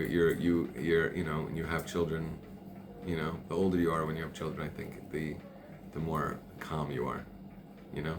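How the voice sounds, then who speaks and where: A middle-aged man hosting a casual chat, talking passionately, raising his voice and repeating himself. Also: low-pitched. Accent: Jewish Orthodox Hebrew and Yiddish terms. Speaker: podcast host. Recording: faint background noise.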